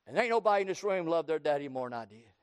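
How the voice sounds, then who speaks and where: A pastor from Texas with a Southern US accent, preaching an impassioned sermon that swings from loud cries to hushed tones. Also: male voice, on the high side, lively intonation, very fast, clear, resonant tone, no echo. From Texas, USA. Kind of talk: sermon with altar call.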